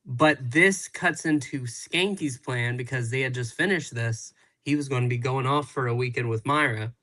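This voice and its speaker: A man's voice: medium pitch, normal speed, few pauses, sharp tone, low-quality recording. A male guest reviewer recapping a TV episode in casual chat, meandering with many fillers.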